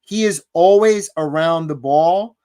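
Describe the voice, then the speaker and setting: A man co-hosts a casual sports talk livestream. He speaks slowly and deliberately, laying out his points analytically. The sound is dry and close to the mic. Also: on the high side, mellow, no echo. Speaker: podcast co-host.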